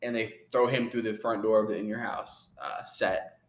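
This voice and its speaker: A man's voice: fairly low pitch, steady tone, moderate pace. A young man co-hosting a podcast, recapping a wrestling match play by play in a loose, rambling way with plenty of fillers. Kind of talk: casual chat. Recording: roomy echo.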